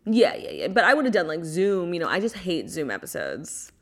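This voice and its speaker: A young woman co-hosting a podcast remotely from a rented cottage, chatting casually, swearing freely and talking in quick bursts full of "like". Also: fairly low pitch, sing-song, fairly bright tone. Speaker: podcast co-host. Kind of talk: casual chat. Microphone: remote audio-only recording.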